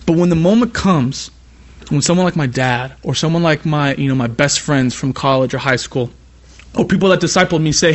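A young man from California preaching a sermon as a youth pastor. He swings between animated preaching and chatty personal asides, full of repeated "you know.". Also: fairly high pitch, brisk. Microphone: iPad.

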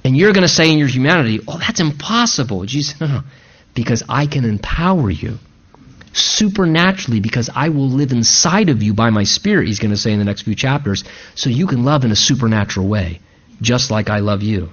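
A man's voice: mid-range voice, animated, brisk, muffled recording. A man preaching a sermon, reading scripture and stressing points through repetition and quoted asides. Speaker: pastor.

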